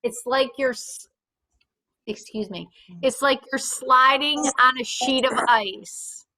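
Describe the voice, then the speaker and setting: A woman teaching a fitness class, giving clear step-by-step cues with gentle reassurance. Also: sits high, slow pace, poor audio. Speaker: fitness instructor. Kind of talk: guided exercise class instruction.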